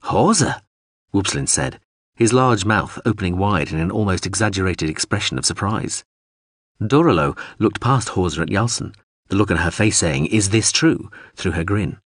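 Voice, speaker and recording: A man narrating a story in an expressive audiobook reading. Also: sits low, normal speed, no echo, studio quality.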